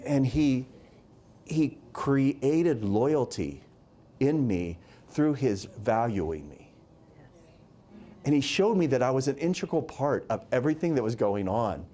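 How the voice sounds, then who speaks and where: Male preacher, mellow voice, lively pitch, emphatic sermon delivery with repeated words.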